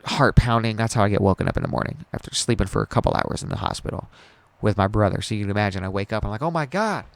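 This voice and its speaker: A man's voice: on the low side, steady tone, very fast, creaky, dry recording. A young man hosting a podcast, telling a personal story in a rambling, profane and emotional way. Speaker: podcast host.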